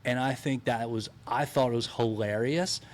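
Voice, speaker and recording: A man's voice: medium pitch, normal speed. A man with an ordinary mid-range voice chats on a podcast as a comedian guest. He talks loosely and casually, with lots of filler words.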